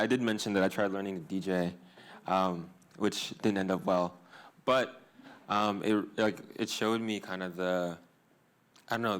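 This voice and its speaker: Male panel moderator, very low voice, hesitant questioner. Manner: hesitant, with many fillers.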